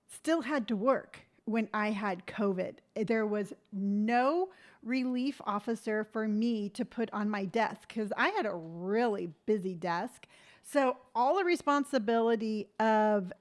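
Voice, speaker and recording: A woman in her fifties hosting a casual morning live stream, chatty and rambling, greeting viewers by name. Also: on the high side. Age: 50s.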